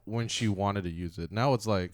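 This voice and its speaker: A man, co-hosting a podcast in casual chat, who tells animated stories, acts out quotes and swears freely. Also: lowish voice, normal speed, no echo. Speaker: podcast co-host.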